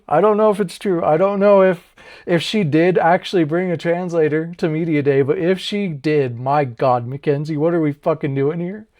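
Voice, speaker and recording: A man's voice: a little high, darkish tone. Profane, rambling American fight-vlog guy. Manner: rambling, profane, jokey, laughs at himself. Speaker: MMA channel host. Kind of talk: casual fight breakdown vlog.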